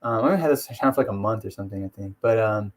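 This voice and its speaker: A man's voice: fairly low pitch, rapid-fire. A man chatting casually on a live stream as an MMA YouTuber, rambling, swearing and laughing.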